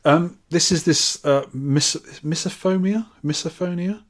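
A man's voice: on the high side, unhurried. Man bantering dryly on a podcast. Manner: dry teasing banter. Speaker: podcast co-host. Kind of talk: casual chat.

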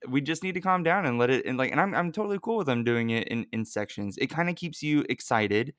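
A man co-hosts a relaxed podcast chat with a smooth, resonant voice at an ordinary pitch. He rambles and runs his sentences together, full of filler words. The sound is dry and close to the mic. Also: fast talker, dry recording. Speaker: podcast co-host. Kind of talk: casual chat.

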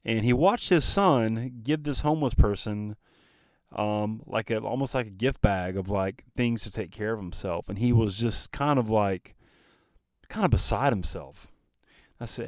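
A man's voice: on the low side, normal speed, dry recording, clean studio sound. A man hosting his own podcast, telling a personal story in an earnest, emphatic monologue and speaking straight to his listeners. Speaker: podcast host.

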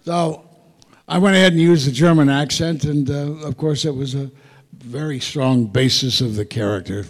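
Older male guest speaker, gravelly, rambling anecdotal delivery, live in a reverberant hall. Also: a little high, moderate pace. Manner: rambling, self-interrupting anecdotes with wry asides. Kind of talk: storytelling Q&A before an audience. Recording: echoey hall, live audience talk.

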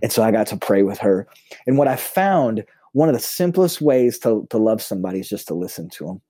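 A man with a warm, mellow voice tells stories in a podcast chat. He is a pastor with an outgoing manner who often stumbles and restarts his phrases. The recording is close and dry. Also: very animated, brisk, slightly rough, no echo. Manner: self-described high extrovert. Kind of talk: personal storytelling in casual conversation.

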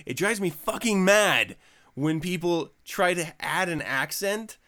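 A man's voice: high-pitched, animated, measured pace, bright, forceful tone. A man hosting a podcast in casual chat, ranting profanely and laughing often. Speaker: podcast host.

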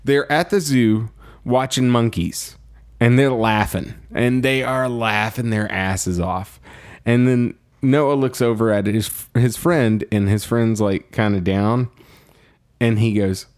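A man co-hosting a movie podcast in a relaxed back-and-forth. His voice sits at a middle pitch. He laughs a lot and keeps recounting scenes. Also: slow pace. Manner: laughs often, acts out film characters in a high voice. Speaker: podcast co-host. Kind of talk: casual film review chat.

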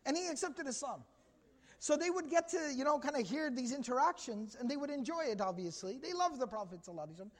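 Male religious teacher, high and fast, animated storyteller with Arabic recitation, reverberant hall. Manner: animated storytelling, acting out dialogue, mixing Arabic quotations. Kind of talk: lecture on prophetic traditions.

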